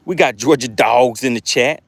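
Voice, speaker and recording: A man hosting a live fishing stream from a boat on a lake, chatting with viewers and getting excited over his catches. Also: medium pitch, normal speed, no echo. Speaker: fishing livestream host. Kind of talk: live fishing stream, reading chat aloud.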